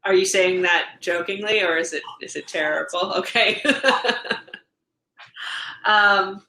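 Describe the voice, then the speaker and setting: A woman in her thirties, co-hosting a casual podcast with a bright, forceful voice. She talks quickly from thought to thought and slips into little put-on voices to quote people. The room has a noticeable echo. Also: lowish voice. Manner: chatty, laughing often, quotes people in animated voices. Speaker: podcast co-host. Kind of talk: casual chat. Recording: roomy echo.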